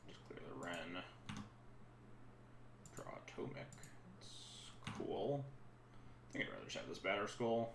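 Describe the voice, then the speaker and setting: A man's voice: low voice, sing-song, measured pace, gravelly, long pauses, reverberant, noisy background. A man streaming a card game from home, giving casual, rambling commentary that keeps breaking off mid-sentence. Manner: chatty, rambling, self-interrupting. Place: room at home.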